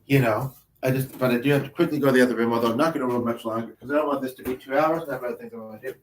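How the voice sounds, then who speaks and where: A man's voice: medium pitch, fairly even intonation, racing, a little hiss or hum. Man rambling in an echoey room. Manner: meandering, hesitant, reflective. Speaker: vlogger, spiritual channeler. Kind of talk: casual rambling monologue. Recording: roomy, distant mic.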